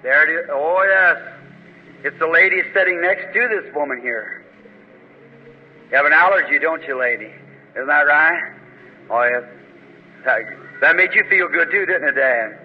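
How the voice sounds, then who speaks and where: At a faith healing service, a husky-voiced man with fairly high pitch prays fervently at a moderate pace, leaving long pauses, and commands with force when rebuking. It comes from a muffled old recording in a hall that echoes.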